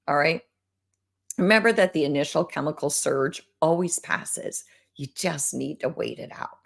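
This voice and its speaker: A woman hosting a fitness education talk, coaching listeners directly with a lively, instructive manner. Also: low-pitched, normal speed. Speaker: host.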